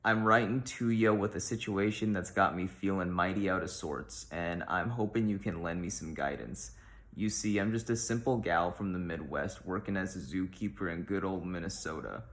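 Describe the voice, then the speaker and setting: A man reading a letter aloud in the voice of a folksy Midwestern woman zookeeper, with homespun phrasing and a deadpan delivery. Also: low voice, normal speed.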